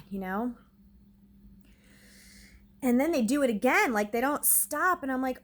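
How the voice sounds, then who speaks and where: A woman in her thirties casually retelling a scary night at home, rambling and animated, full of fillers and acted-out quotes. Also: on the high side, normal speed, pauses often. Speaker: vlogger. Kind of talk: casual storytelling.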